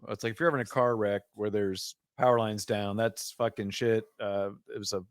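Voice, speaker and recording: Low-ish guy joking around crude on a podcast, dry mic. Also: fairly even intonation, fairly quick, no echo. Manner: crude, laughing banter. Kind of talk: casual chat.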